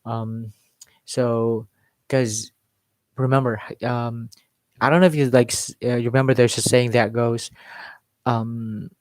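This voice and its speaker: Male accent coach, casual live-stream lesson, mid-pitched voice, dry close mic. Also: fairly even intonation, slow pace, pauses often, darkish tone, dry recording. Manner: explains with modeled examples and filler words. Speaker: English accent teacher.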